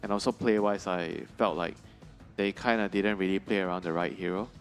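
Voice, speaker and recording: A man working as an esports analyst on a broadcast desk, talking in a measured way and thinking aloud with fillers. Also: low-pitched, fairly even intonation, faint music behind.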